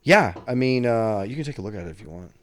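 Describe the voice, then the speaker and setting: A man's voice: mid-range voice, lively intonation, quick pace, a little hiss or hum. A man hosting a podcast in casual chat, rambling and swearing freely. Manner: rambling, profane, many restarts. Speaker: podcast host.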